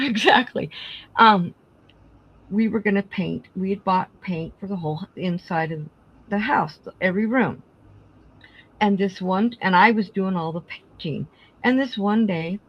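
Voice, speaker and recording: A woman's voice: mid-range voice, sing-song, unhurried, lo-fi sound. A middle-aged woman hosting a craft live stream, casually telling family stories and acting out the dialogue. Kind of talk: casual storytelling chat.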